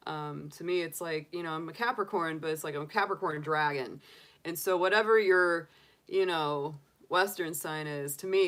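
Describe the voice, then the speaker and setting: A woman's voice: sits low, a bit bright. A woman hosting a casual tarot livestream, chatty and cheerful, greeting viewers by name as she chats along. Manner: cheerful and enthusiastic. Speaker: tarot reader and livestream host.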